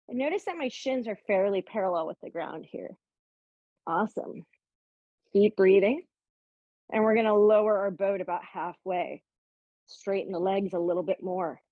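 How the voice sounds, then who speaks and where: A woman's voice: medium pitch, darkish tone, dry recording. A woman guides a yoga class, cueing breath and poses with upbeat, playful asides. She talks while holding poses herself, and her voice sits in a middle range. The recording is dry and slightly muffled. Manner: upbeat and playful, with light jokes. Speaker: yoga instructor.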